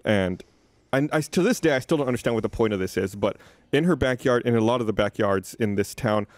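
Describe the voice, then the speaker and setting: A man's voice: fairly low pitch, animated, a little fast, no room sound. A man in casual chat, telling a long childhood story with many fillers and restarts. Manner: rambling, filler-heavy anecdote telling.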